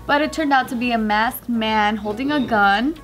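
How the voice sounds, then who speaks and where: A woman's voice: fairly high pitch, moderate pace, fairly bright tone, faint music behind. A woman hosting a comedy podcast, chattily retelling a news story. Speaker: host.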